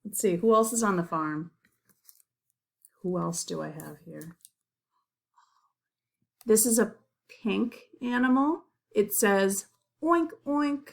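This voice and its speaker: A woman teaching young children in a slow, simple way, gentle and encouraging, naming farm animals. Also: medium pitch, vocal fry.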